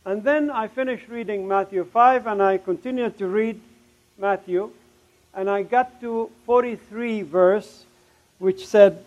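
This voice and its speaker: A middle-aged man from Palestine giving an emotional testimony sermon, his voice surging loud on key words. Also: sits high, unhurried, muffled recording.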